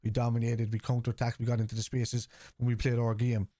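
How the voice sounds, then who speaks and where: A man's voice: medium pitch, monotone, quick pace, warm tone, no echo, studio quality. A man hosting a live fan watchalong, reading out and answering viewer chat in a blunt, casual way, swearing freely. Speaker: fan channel host.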